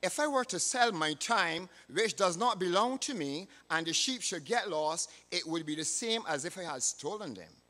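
A man's voice: sits high, lively intonation, normal speed, sharp tone. A man voicing an honest young shepherd boy, earnest and steadfast in a sermon story, in a reverberant hall. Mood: firm, earnest.

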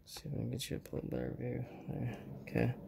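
A tired hobbyist at a workbench gives a casual hands-on tutorial on building a model truck, rambling and trailing off as he talks to himself while working. His voice is medium-pitched and fast, with clear, steady background noise.

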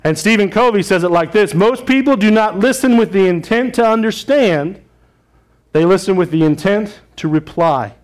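High-voiced male pastor preaching. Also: animated, moderate pace. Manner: conversational, asks the congregation questions. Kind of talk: sermon.

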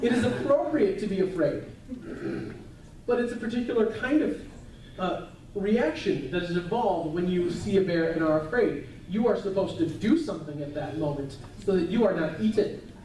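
Male pastor, chatty sermon delivery, warm low-bright tone, roomy distant church sound. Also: animated, moderate pace, slight background noise. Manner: conversational, chatty preaching with asides. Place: church sanctuary. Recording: echoey church hall, mic at a distance.

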